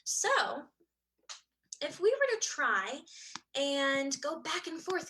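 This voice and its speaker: A woman's voice: high-pitched, animated, very slow, long pauses, bright, forceful tone, slight background noise, low-quality recording. A young woman teaching a children's music lesson in a cheerful sing-song way, counting out rhythms and singing them for little ones to copy.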